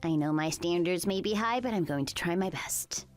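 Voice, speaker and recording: A woman's voice: fairly low pitch, moderate pace, soft background music. A woman narrating a text-message story in a plain, matter-of-fact way.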